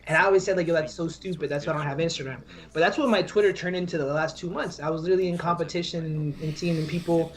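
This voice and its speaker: A man's voice: a little high, fairly even intonation, quick pace, hardly any pauses, a little hiss or hum. A young man co-hosting a podcast in casual chat, rambling with slang and many restarts. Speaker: podcast co-host.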